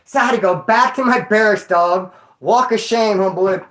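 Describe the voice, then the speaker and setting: Male streamer, rambling storyteller, street slang and swearing, swings from loud to muttered. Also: high voice, normal speed, rough recording. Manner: jumps between loud bursts and mutters. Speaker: livestreamer. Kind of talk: casual storytelling to a live chat.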